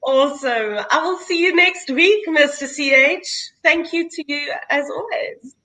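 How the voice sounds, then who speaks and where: A woman's voice: high voice, measured pace, bright, forceful tone, rough recording. A South African woman hosting a casual video-call chat, chatty and laughing often. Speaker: host.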